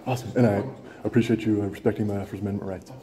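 A man's voice: fairly low pitch, fairly even intonation, racing, a crowd in the background. A man filming in a public building, talking to officials in a sarcastic, mock-official, joking way. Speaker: first amendment auditor.

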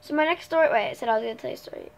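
A teenage girl telling stories to her viewers in a loose, rambling way. She fills gaps with fillers and keeps correcting herself. Her voice sits a little high for her age. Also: very fast, creaky. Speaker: vlogger. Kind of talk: casual storytime chat.

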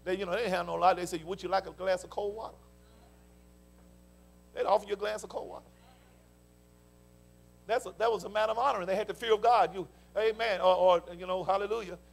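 An older pastor with a Southern US accent, preaching a fervent sermon with folksy stories and call-and-response interjections. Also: male voice, high-pitched, steady tone, fast talker, vocal fry. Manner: folksy storytelling. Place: church sanctuary.

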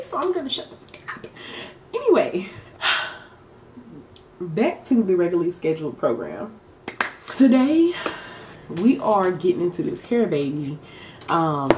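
A woman's voice: lowish voice, darkish tone, reverberant, slight background noise. Chatty, sassy young woman vlogging. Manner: chatty, emotional, sassy slang. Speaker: beauty vlogger. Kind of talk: casual chat to camera. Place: room lit for filming. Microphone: camera mic.

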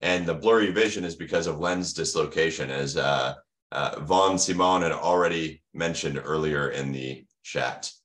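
Deep-voiced American man lecturing. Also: moderate pace, a bit bright. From United States. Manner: enthusiastic teacherly, asks questions then answers. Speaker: medical lecturer. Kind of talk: online lecture with slides.

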